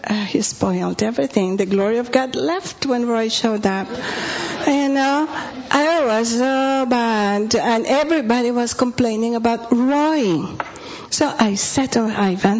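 A woman's voice: on the high side, measured pace, darkish tone. Woman pastor telling stories, often whispering. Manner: humorous, confessional, often drops to a whisper. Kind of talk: sermon storytelling. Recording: dull lo-fi recording.

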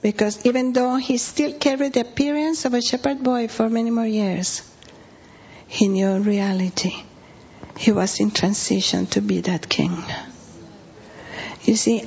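A woman's voice: medium pitch, fairly even intonation, measured pace, a little mellow, husky. A woman pastor preaching with humorous, confessional stories, often dropping to a whisper. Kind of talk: sermon storytelling. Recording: dull lo-fi recording.

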